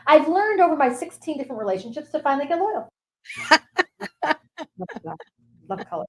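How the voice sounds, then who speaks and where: Lively, fast-talking playful woman guest. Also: high-pitched. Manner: chatty, playful, rambling with sing-song asides. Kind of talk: comic monologue in character of a sun sign.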